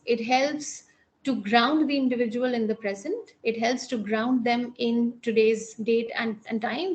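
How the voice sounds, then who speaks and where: In a fairly high voice and an Indian English accent, a woman clinical psychologist lectures academically on psychotherapy. Her measured delivery is broken by frequent pauses and restarts.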